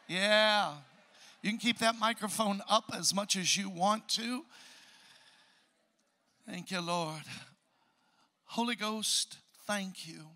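A pastor, preaching an animated sermon to a congregation and joking with them. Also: male voice, sits high, unhurried. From Chicago, USA. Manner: animated preaching, jokes with the crowd. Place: church hall before a congregation.

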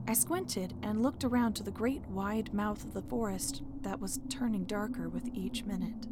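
A woman telling a first-person story in a calm, measured narration. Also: mid-range voice, background noise. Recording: music bed under the voice.

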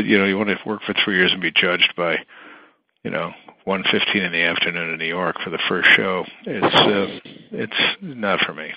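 Brief: low-voiced male interview guest who rambles and restarts, dull dry recording. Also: dry recording. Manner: rambling, many fillers and restarts. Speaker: guest, entertainment manager. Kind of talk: casual interview talk.

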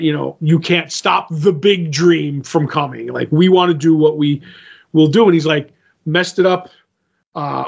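A man's voice: on the high side, creaky. A man co-hosting a podcast, casually retelling a comic book story in a rambling way and voicing the quotes with "he's like". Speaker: podcast co-host. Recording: dull lo-fi podcast audio.

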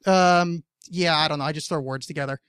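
A man's voice: fairly high pitch, steady tone, fairly quick, fairly bright tone, clean tone, no room sound, clean studio sound. Rambling, swearing podcast host man. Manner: rambling, lots of fillers and swearing, jokey. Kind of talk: casual chat.

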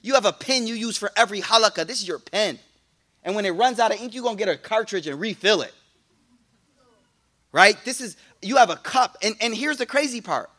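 A man giving a lively religious talk to a congregation, slangy and casual, with frequent restarts and playful asides. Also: high voice, fairly quick. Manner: animated, playful preaching. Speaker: Islamic teacher.

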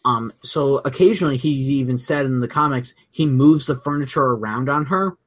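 A man chatting on a podcast, steadily recapping the plot and adding background facts. His voice sits at an ordinary middle pitch, and he talks in a relaxed, matter-of-fact way. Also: normal speed. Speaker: podcast co-host. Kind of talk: casual chat.

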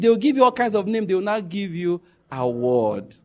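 A middle-aged Nigerian man with a Nigerian accent telling stories in a casual monologue, animated and laughing as he jumps into quoted pidgin. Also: high-pitched, normal speed, few pauses.

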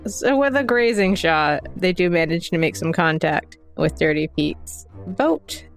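A woman running a tabletop role-playing game as game master, briskly narrating the rolls and often laughing. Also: on the low side, animated, soft background music.

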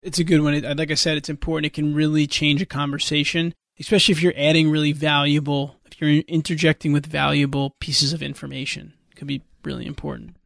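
A man's voice: fairly high pitch, level tone, quick pace, vocal fry, hardly any pauses, fairly bright tone, dry recording, clean studio sound. A man hosting a podcast interview, upbeat and moving the conversation along. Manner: upbeat, moves the list along. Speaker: podcast host.

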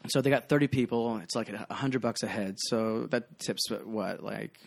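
A man in his thirties, a bartender guest on a podcast, telling stories in a casual, animated way and acting out the people in them. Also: lowish voice, normal speed, creaky. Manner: animated storyteller, acts out quoted voices loudly.

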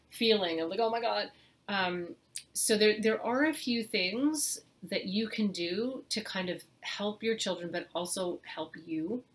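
A middle-aged woman with a slightly low voice, talking through parenting advice in an easy, conversational way. She is earnest and grows animated when she acts out the words a parent might say. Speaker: parenting podcast host. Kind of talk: casual advice talk.

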